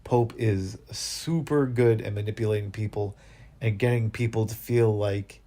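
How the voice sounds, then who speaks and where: A man's voice: on the low side, fairly even intonation, moderate pace, dark tone. A man co-hosting a podcast, chatting in a laid-back way and often using "like" and "yeah". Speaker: podcast co-host. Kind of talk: casual episode recap chat.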